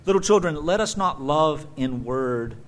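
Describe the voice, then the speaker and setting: Animated male preacher with a higher voice. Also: unhurried. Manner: animated, swinging from loud emphatic bursts to quiet asides. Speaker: pastor. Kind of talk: sermon.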